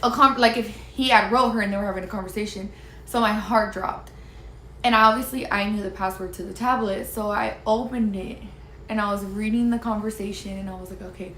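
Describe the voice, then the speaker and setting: A woman telling viewers her own story in a casual, emphatic and animated way. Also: medium pitch, fairly quick. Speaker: storyteller sharing her experience. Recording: roomy recording with faint background hiss.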